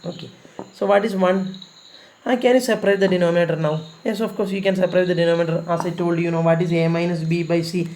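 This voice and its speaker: A man with a gravelly edge to his voice walks through a recorded math lesson. He explains patiently and step by step, often repeating points and urging students to practise. Faint crickets and low noise sit behind him. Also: steady tone, fast, a little mellow. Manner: patient, repetitive step-by-step explaining, pleading emphasis. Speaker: math teacher.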